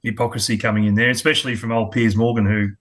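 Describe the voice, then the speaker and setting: This fast-talking guest, a middle-aged Australian former cricketer and coach, has a fairly low voice with little pitch movement. He speaks bluntly and candidly in a casual interview, frequently starting his sentences over.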